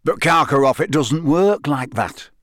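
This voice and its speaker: A man's voice: a little high, expressive, a little slow, a bit bright, no echo. A man reading an audiobook, voicing a cheery, boyish official close to his own voice. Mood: jovial. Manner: jovial, nervous.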